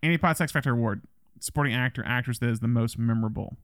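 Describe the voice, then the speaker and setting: A man's voice: medium pitch, quick pace, clean tone, no echo, clean studio sound. A man co-hosting a film podcast, talking casually and rambling with restarts. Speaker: podcast host.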